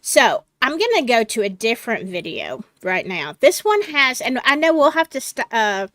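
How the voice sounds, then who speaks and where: A woman hosting a casual panel chat, slow and chatty, laughing easily. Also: a little high, sing-song, fairly bright tone, no room sound, clean studio sound. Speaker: host.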